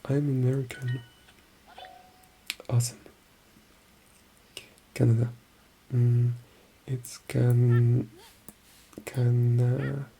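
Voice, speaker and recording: An ASMR creator talking in a soft-spoken ASMR ramble, murmuring and often slipping into a whisper, slowly repeating practice words to themselves. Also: medium pitch, level tone, creaky, slight background noise.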